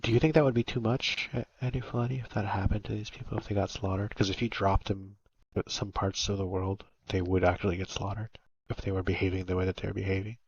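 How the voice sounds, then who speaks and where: Husky man on a lo-fi mic. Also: deep voice, flat delivery, fast. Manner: blunt, provocative, rambling. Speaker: online game player. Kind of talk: casual voice chat.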